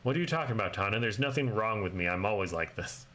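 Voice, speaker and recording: A man voicing a brooding young prince in a lowered, somber reading. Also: animated, fast talker, bright, forceful tone. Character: brooding young male prince, grave and gloomy.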